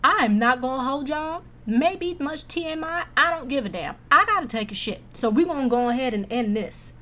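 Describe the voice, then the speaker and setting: A woman with a slightly high voice gives a blunt, profanity-laced movie rant. She talks in a loose, animated way that swings between disgust and amusement. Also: normal speed. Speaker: movie reviewer. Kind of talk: casual chat.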